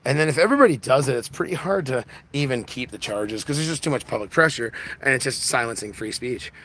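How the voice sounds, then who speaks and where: A man's voice: medium pitch, animated, fast, sharp tone. An exhausted man hosting a casual livestream, rambling with lots of restarts, recorded on a phone. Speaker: livestream host.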